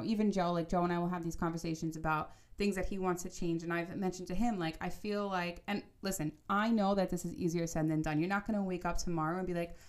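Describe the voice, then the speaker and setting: Woman, 30s, vlogger, slightly low voice, chatty advice monologue with frequent "okay?" check-ins. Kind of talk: casual advice monologue to camera.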